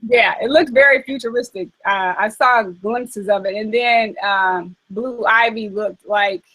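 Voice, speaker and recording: A woman hosting a casual chat, talking in a chatty, animated way with frequent fillers. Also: medium pitch, unhurried, low-quality recording. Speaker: host.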